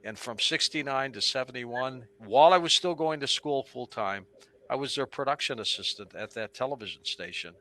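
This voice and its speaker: Bright-voiced older man telling lively stories. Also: medium pitch, normal speed. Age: 70s. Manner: animated anecdotal storyteller who acts out quotes. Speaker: radio talk show host, interview guest. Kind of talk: storytelling interview on stage.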